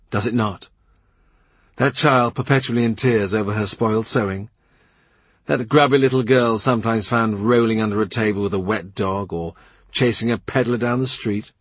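Field: audiobook narration. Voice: husky man. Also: fairly low pitch, normal speed, no echo. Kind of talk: scripted literary narration.

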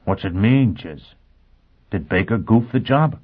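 A man's voice: lowish voice, animated, measured pace, slightly rough. Male lead, young, volatile and blunt, urgent delivery, male reader's take, phone-line tone. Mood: desperate. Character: volatile, hot-tempered young spacefaring man. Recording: tinny phone-like sound.

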